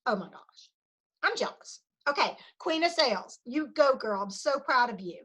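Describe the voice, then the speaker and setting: A woman with a high, bright voice runs a team meeting over a video call. She talks with bubbly enthusiasm, cheering her people on and saying "y'all" as she goes. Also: animated, normal speed, rough recording. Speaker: sales director leading a team meeting. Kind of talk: energetic team meeting pep talk.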